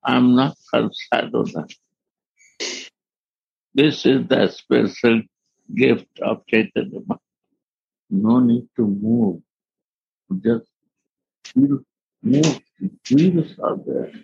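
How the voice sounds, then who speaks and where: Very gravelly, husky man teaching slowly. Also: mid-range voice, darkish tone, no echo, muffled recording. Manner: halting non-native English, laughs often. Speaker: spiritual teacher. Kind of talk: devotional discourse.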